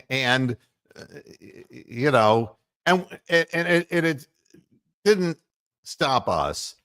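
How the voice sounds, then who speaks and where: Rambling sports-talk man, lively pitch. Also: slow pace, pauses often, dry recording, studio quality. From Ohio. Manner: rambling, heated, full of fillers and mocking quotes. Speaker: podcast host.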